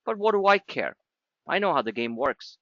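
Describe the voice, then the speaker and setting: A man's voice: a little high, sing-song, moderate pace, fairly bright tone, no echo, highs cut off. A man teaching a live trading class in a blunt, sarcastic, scolding way. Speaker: trading educator.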